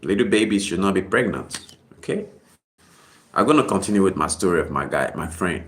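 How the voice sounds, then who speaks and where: A man vlogs casual commentary, expressive, a little fast, and a bit bright. He rambles and repeats himself, swinging from low muttering to sudden high exclamations.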